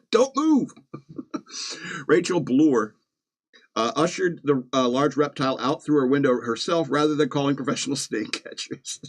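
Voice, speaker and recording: A podcast host from Virginia, speaking a little slowly in a medium-pitched voice, reads news stories. He adds sarcastic, chuckling asides in a casual comedic style.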